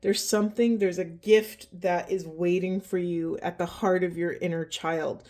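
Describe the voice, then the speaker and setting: Slow, emotional woman reading oracle cards. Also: lowish voice, fairly even intonation, darkish tone. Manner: slow, halting, heartfelt. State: emotional, breathing heavily, voice trembling. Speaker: oracle card reader. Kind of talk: spiritual card reading to camera.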